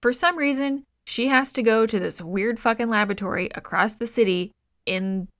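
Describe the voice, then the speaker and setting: A woman's voice: fairly high pitch, moderate pace, no room sound, clean studio sound. Profane exasperated woman recapping a movie. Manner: profane, exasperated, animated retelling. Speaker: podcast co-host. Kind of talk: casual movie review chat.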